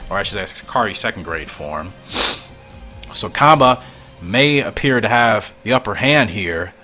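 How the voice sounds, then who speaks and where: A man's voice: fairly low pitch, expressive, normal speed, sharp tone, faint music behind. A man giving casual commentary while reading through a comic, musing and thinking aloud, at times confused.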